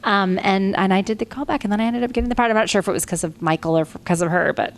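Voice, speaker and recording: A woman's voice: medium pitch, rapid-fire. A middle-aged woman, a voice actress, telling chatty stories on a convention panel and acting out quotes with big jumps in her voice.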